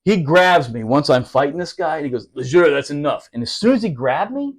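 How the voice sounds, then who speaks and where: Marine vet dude cussing his way through a story, laughs a lot, kinda high voice for a guy. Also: fairly quick. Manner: profane, laughing, animated. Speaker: podcast storyteller, former Marine. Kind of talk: casual storytelling.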